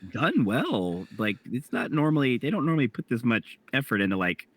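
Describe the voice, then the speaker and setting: A man's voice: mid-range voice, expressive, fast, no echo. A man co-hosting a podcast, chatting eagerly and peppering his talk with "like". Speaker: podcast co-host. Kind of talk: casual chat.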